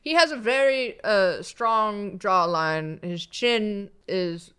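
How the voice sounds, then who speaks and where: A woman's voice: medium pitch, slow, fairly bright tone, smooth. A woman in casual chat describing a man's face in detail, hesitant and stopping often to find words.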